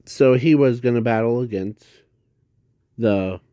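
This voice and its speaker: A man improvising a casual fan story, halting and rambling with constant restarts and self-corrections. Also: mid-range voice, mellow, clean tone, no room sound, studio quality.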